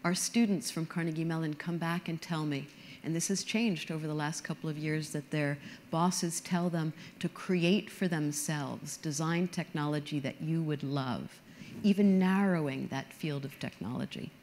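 A woman's voice: sits low, moderate pace, darkish tone, a little hiss or hum. A middle-aged woman giving a conference talk, explaining earnestly and with emphasis. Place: stage before an audience.

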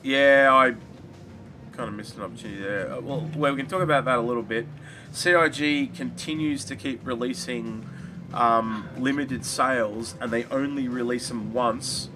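A man chatting casually about a video game, rambling and animated, swearing now and then. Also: medium pitch, normal speed, music in the background. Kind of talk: casual gaming chat.

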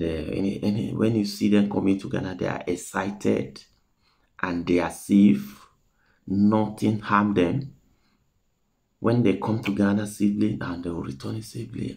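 A man's voice: lowish voice, gravelly, a little mellow. A Nigerian man talking to his viewers in an earnest, repetitive way, commenting on a clip. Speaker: vlogger reacting to a clip.

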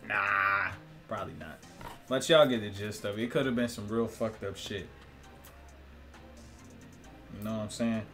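Faint music sits behind a fairly low-pitched male voice that sounds pushed and bright, steady in tone, at a moderate pace with frequent pauses. He's a vlogger on his own channel, rambling profanely to camera, laughing and quizzing viewers.

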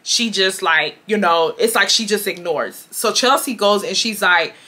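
A woman in her twenties from Houston, telling a storytime to her viewers in a chatty, animated way and calling them y'all. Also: medium pitch, a little slow. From Houston, Texas. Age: 20s. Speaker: storytime vlogger.

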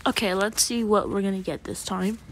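A woman video creator provides casual gameplay commentary, chatty and prone to excited yelling at the game. Her voice is mid-range and fairly quick.

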